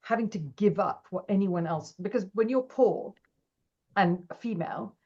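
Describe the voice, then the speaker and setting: A middle-aged woman, a podcast guest telling stories in a lively, animated way and acting out quoted voices. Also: medium pitch, normal speed, lo-fi sound. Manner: animated, acts out quoted voices, laughs often. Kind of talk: casual interview storytelling.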